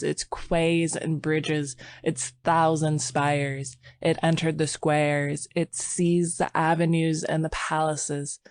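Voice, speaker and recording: A woman narrating an audiobook in a slow, measured, somber way, recorded dry and close. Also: low voice, a little mellow, no room sound. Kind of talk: scripted narration.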